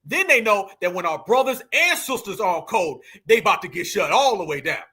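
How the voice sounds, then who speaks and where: High bright-voiced animated male commentator. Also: fairly quick, husky. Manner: animated, preachy, laughs often, slangy. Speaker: livestream commentator. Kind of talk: reaction commentary.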